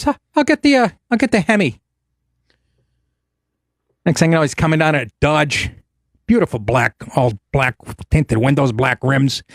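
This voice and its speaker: A man's voice: medium pitch, dry recording, clean studio sound. A man hosting a talk show, telling stories in a casual, sarcastic and profane way and putting on voices when he quotes people. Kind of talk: casual comedic monologue.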